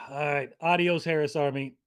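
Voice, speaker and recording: A man with a slightly raised pitch, heard close and dry with no room sound. He co-hosts a fan watchalong, weary and sardonic, joking his way through disappointment. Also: steady tone, unhurried, a bit bright, smooth, no echo. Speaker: co-host. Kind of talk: live football watchalong chat.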